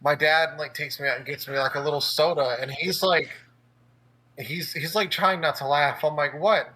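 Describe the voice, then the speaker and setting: A man's voice: a little high, steady tone, moderate pace, bright, forceful tone, slight background noise, rough recording. A young man telling a story in casual chat, with lots of filler words and laughs along the way. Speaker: podcast co-host.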